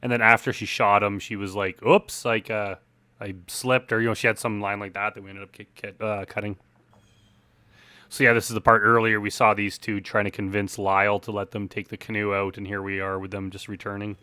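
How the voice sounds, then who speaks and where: A man talks casually through a commentary track on his own film, rambling and leaning on fillers. His low voice has a bright, forceful edge. The sound is close and dry. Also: brisk, smooth, no echo. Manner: relaxed, rambling, heavy on "like" and "uh". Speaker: film director. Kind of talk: director commentary.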